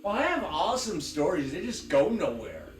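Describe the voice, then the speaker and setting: This Arizona man's voice runs fairly high, swooping widely in pitch at a normal pace, captured in a low-quality recording. He sits beside the stream's host in casual chat, drifting into long tangents while game music plays.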